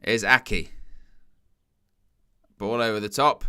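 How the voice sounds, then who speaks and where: A jokey man hosts a live football watchalong, laughing between remarks and reading viewers' comments aloud. His voice is bright and clear, and he talks at an easy pace. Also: lowish voice, slow. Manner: jokey, laughs often, reads out chat.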